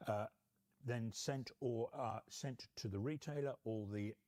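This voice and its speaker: A man's voice: mid-range voice, darkish tone. Man telling history anecdotes. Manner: measured, many uh fillers, anecdotal. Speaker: museum curator. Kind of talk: informal museum talk.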